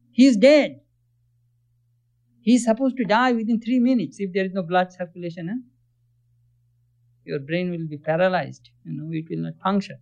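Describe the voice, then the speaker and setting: A man's voice: high voice, warm tone. A man giving a religious discourse, earnestly explaining and often asking his listeners questions. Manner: earnest, questions listeners, chants Sanskrit verses quickly. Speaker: spiritual teacher. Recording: dull lo-fi recording.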